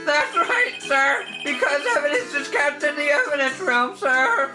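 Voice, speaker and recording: A woman voicing a panicky, socially awkward young male patrolman who yells every line, with game music underneath. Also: sits high, expressive, measured pace, roomy sound. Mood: nervous formal. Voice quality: yelling, strained, jittery.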